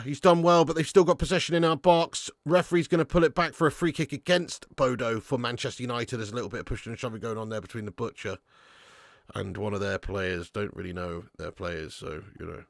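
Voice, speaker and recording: A young man hosting a live football watch-along, reading out chat messages and commentating casually, swearing and shouting at players before dropping back to low mutters. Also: steady tone, fairly quick, vocal fry, dry recording, studio quality.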